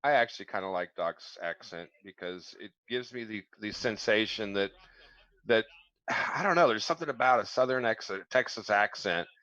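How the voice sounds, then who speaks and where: A man's voice: on the low side, moderate pace, bright, forceful tone, dry recording, muffled recording. An older man chatting as a guest on a livestream, rambling and easygoing. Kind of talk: casual livestream banter.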